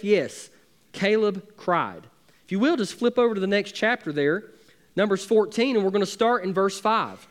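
A man's voice: high-pitched, animated, normal speed. A man, preaching a sermon as pastor with emphatic, building intensity.

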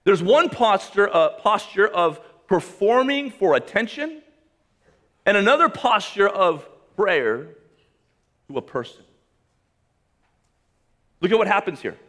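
High-voiced male preacher, animated delivery. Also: slow, pauses often. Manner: reads scripture aloud, then comments with humor and emphasis; swings between loud raised lines and quiet low drops. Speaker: pastor. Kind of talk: sermon.

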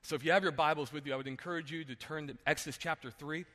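A man preaching a sermon as a pastor, retelling a story in an animated way and acting out the characters. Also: a little high, very fast, long reverb tail. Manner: animated, acts out characters, asks "right?". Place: church sanctuary.

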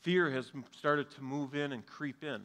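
Pastor preaching in a reverberant hall. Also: male voice, on the high side, moderate pace, fairly bright tone. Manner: earnest, conversational preaching with light humor. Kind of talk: sermon. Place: church sanctuary, live and streamed.

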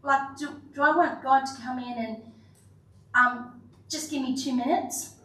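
A woman pastor preaching in a high voice, unhurried and earnest, slipping into stories and little jokes at her own expense. She is heard from a distance in an echoey church hall, with a faint hum of the room behind her. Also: fairly even intonation, pushed and bright. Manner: earnest, storytelling, with self-deprecating asides. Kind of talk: sermon.

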